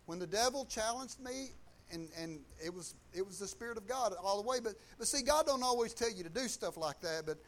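High-voiced Southern man telling a testimony. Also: expressive, brisk. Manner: folksy, colloquial, acts out others' voices. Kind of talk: testimony storytelling.

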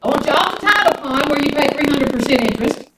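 A woman's voice: high voice, animated, quick pace. A woman, preaching a folksy sermon and calling on the congregation to answer back. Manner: folksy, calls on the congregation for responses. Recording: echoey room, mic at a distance, noisy.

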